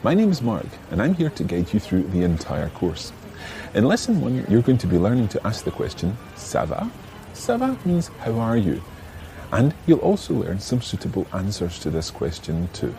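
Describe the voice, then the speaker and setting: Here a middle-aged language teacher hosts a podcast lesson, patiently walking learners through explanations and modeling pronunciation in a friendly, guided way. He speaks at a moderate pace in a lowish, creaky, mellow voice with huge pitch swings, and there's slight background noise.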